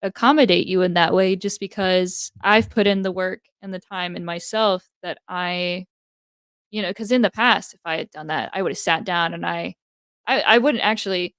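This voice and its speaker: A woman's voice: lowish voice, moderate pace, a bit bright, smooth, no room sound, clean studio sound. A young woman talking thoughtfully in a casual, heartfelt conversation, with many fillers. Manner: thoughtful, filler-heavy, reflective. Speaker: guest, host's daughter.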